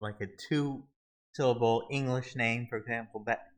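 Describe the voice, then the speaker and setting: A man walking viewers through a website search tool in a halting, casual screen-recorded tutorial, often restarting his sentences. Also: medium pitch, fairly even intonation, poor audio. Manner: halting, many restarts and fillers. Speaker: video tutorial host.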